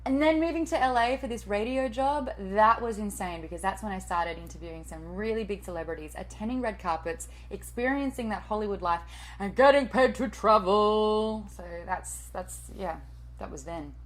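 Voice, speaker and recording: A woman's voice: mid-range voice, moderate pace, rough recording. A woman in her late thirties, a TV and radio host and voice-over artist, answering interview questions in a chatty, self-deprecating way with the odd swear word.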